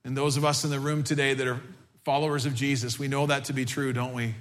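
A male pastor preaching a sermon to his congregation in a church, and at times he builds to a loud, fervent pitch. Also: little pitch movement, fast. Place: church sanctuary.

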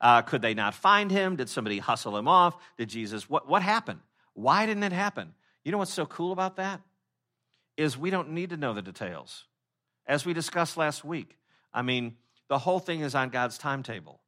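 Male pastor, conversational sermon, bright tone, lots of fillers, acts out quotes. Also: fairly high pitch, sing-song, moderate pace. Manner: conversational, many fillers and restarts; acts out quoted speakers in short voices.

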